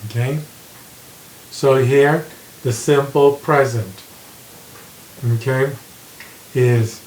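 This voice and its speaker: Slow, deliberate male grammar teacher. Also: medium pitch, fairly even intonation, darkish tone. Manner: slow, deliberate, repeats example sentences. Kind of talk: slow classroom grammar lesson. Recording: echoey room with faint hiss.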